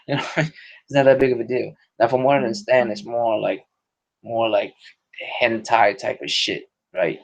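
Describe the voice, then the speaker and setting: Man, podcast host, gravelly voice, rambling casual talk, profane, dull lo-fi audio. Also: fairly low pitch. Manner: rambling, profane, many restarts.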